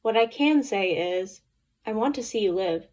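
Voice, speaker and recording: A woman voicing a blunt, cold alien woman in an audiobook, speaking in a flat, matter-of-fact way. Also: medium pitch, moderate pace, lightly acted. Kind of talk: audiobook character voice.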